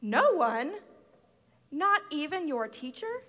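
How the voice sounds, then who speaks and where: A woman's voice: high-pitched, sing-song, slow, a bit bright, big-room sound, voice pushed up, full character voice. A woman voicing an encouraging mother in a storybook, emphatic and sing-song.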